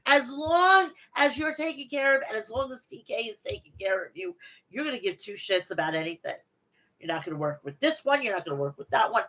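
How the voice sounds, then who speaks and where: A woman on her own wrestling podcast reads an event recap, her a-little-high voice brisk, pushed and bright with lively intonation. She rants heatedly and bluntly, swearing a lot, on a low-quality recording.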